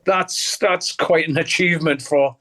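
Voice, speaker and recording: A man's voice: on the high side, steady tone, unhurried, bright, forceful tone. An older man from Newcastle with a Geordie accent, a guest musician telling stories in a casual interview. He swears freely, laughs often and acts out the voices of people in his stories. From Newcastle, England.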